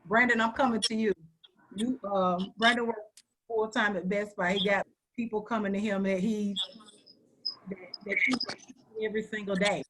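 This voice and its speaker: A woman's voice: mid-range voice, fairly even intonation, normal speed, pauses often, rough recording. A woman hosting a radio panel discussion, speaking directly and moving the talk between guests. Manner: warm-hearted, direct, passes the mic around. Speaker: radio host.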